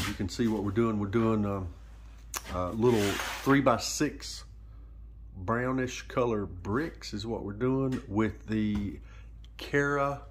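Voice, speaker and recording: A man's voice: fairly low pitch, a little hiss or hum. A man walking viewers through kitchen work in a casual vlog, explaining step by step with plenty of fillers. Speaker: vlog co-host, pastor. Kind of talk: casual home-remodel vlog walkthrough. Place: indoors in a kitchen.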